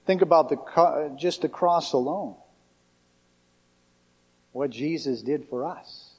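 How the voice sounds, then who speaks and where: A man's voice: fairly high pitch, slow pace, husky. A male pastor preaching a sermon in a conversational, emphatic way.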